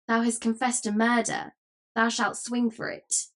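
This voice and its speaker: A woman voicing a young boy king in an audiobook, speaking gravely and haughtily. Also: a little high, monotone, measured pace, fairly bright tone, voice pushed up. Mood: haughty.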